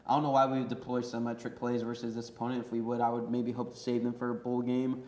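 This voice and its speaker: A young man on a sports panel, excitable and laughing often as he rattles off stats in casual chat. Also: medium pitch, fast talker, echoey room, a little hiss or hum. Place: studio.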